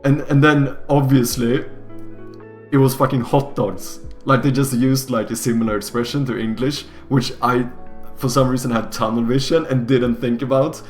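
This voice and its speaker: A man commentating his games casually on a live stream, excitable and profane, and often breaking into laughter. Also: mid-range voice, moderate pace, soft background music. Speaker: game streamer.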